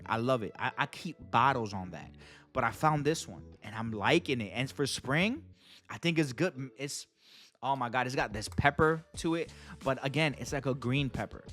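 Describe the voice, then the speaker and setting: A man in a middle register talks excitedly to his viewers, full of slang and hype, pausing to call them in. Soft music runs low behind him. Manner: enthusiastic, slangy, keeps addressing viewers as guys. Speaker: fragrance reviewer and channel host. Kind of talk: casual product review to camera.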